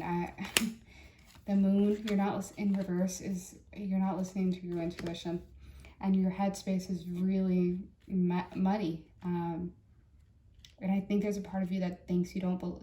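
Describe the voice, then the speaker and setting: A woman giving a casual tarot reading in a chatty, halting way, full of fillers and restarts. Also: on the low side, little pitch movement, dark tone, echoey room. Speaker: tarot reader.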